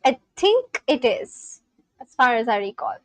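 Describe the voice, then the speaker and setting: A woman's voice: on the high side, big pitch swings, unhurried, dry recording, rough recording. A woman from India, hosting a casual livestream, chatting and giggling as she answers viewers' messages. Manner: chatty, giggly, reads chat messages aloud and answers them. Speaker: livestream host.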